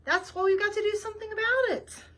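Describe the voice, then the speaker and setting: A woman's voice: extremely high pitch, fairly even intonation, fast, bright, forceful tone, pitched above the performer's own voice. A woman voicing a self-important male Venus flytrap detective, earnest and urgent in his speech.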